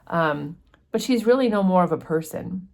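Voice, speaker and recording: A woman with a low, relaxed voice walks through a book chapter in a chatty teaching manner. She pauses often with fillers and talks the story over casually. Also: creaky. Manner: chatty, explanatory, many fillers. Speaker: book study host.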